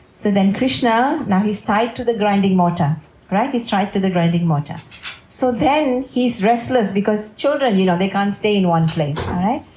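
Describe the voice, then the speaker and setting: Woman devotional speaker, warm storytelling, checks in with listeners, roomy echo. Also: medium pitch. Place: family home.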